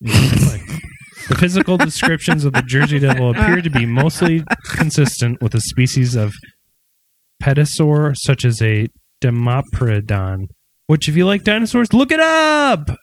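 A man co-hosting a casual comedy podcast, explaining segments in a relaxed, rambling way. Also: on the high side, moderate pace, low-quality recording. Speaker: podcast co-host.

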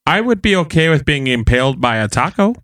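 Deadpan sarcastic co-host man. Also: on the high side, a little fast, no echo, clean studio sound. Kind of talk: casual comedic podcast chat.

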